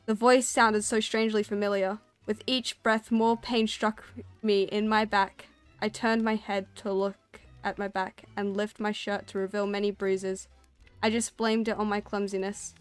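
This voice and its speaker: A woman's voice: medium pitch, level tone, moderate pace, smooth, no room sound, soft background music. Woman streamer reading a spooky story. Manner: storytelling, then chatty and self-conscious.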